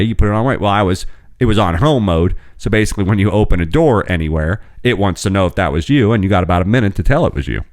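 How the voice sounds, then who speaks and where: Low-voiced rambling storyteller man. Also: no echo, clean studio sound. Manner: rambling storyteller, swears freely. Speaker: podcast host. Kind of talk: casual chat. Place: home podcast studio.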